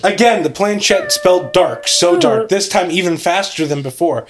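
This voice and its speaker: A man's voice: high-pitched, expressive, normal speed, over loud music. A man hosting a podcast, reading a creepy story aloud with theatrical, suspense-building delivery.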